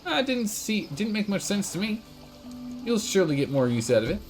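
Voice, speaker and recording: Man putting on a friendly dock worker voice, high and bouncy, game music underneath. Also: very animated, brisk. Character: friendly male dock worker, chatty and lonely.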